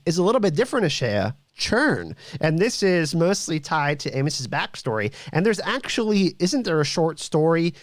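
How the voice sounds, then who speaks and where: A man's voice: fairly high pitch, very animated, normal speed, few pauses, no room sound, clean studio sound. A man hosting a casual TV review chat, rambling and laughing as he corrects himself. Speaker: show host.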